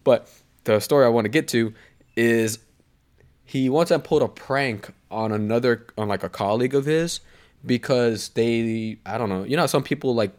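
A young man co-hosting a podcast chats casually, wandering through a story laced with swearing and full of tangents he trails off on. His mid-range voice has a darkish tone, and he moves at a moderate pace.

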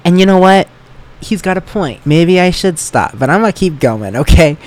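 A man's voice: high voice, lively intonation, normal speed, a little mellow. A young man hosting a solo podcast, rambling in a joking, self-deprecating way. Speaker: podcast host.

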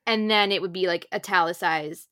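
Chatty Minnesotan woman with a bright voice. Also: fairly low pitch, moderate pace, no room sound, studio quality. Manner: chatty, lots of "like" fillers. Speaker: podcast co-host. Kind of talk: casual chat.

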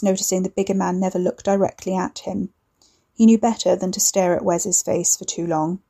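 A woman reading a story aloud in measured, wry scripted narration. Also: medium pitch, level tone, mellow.

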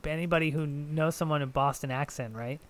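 A man's voice: a little high, a little fast. A man co-hosting a podcast, chatting casually and rambling through anecdotes with quoted voices. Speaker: podcast co-host.

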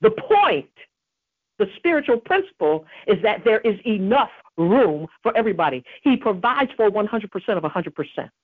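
Earnest woman preaching on her podcast, kinda husky, dry tinny phone-ish sound. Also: medium pitch, big pitch swings, normal speed, no echo. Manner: earnest, emphatic, quotes scripture. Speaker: podcast host. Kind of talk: devotional preaching.

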